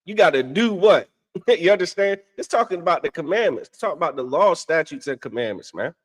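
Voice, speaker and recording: A man's slightly high, expressive voice moves a little fast as he co-hosts a casual religious discussion. He teaches preachily, often asking "you understand?", and laughs at his own stories as podcast co-host and religious teacher.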